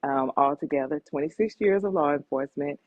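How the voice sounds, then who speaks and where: A woman's voice: low voice, brisk, no echo, dull audio. A middle-aged woman, a police sergeant, giving plain, matter-of-fact interview answers over a video call.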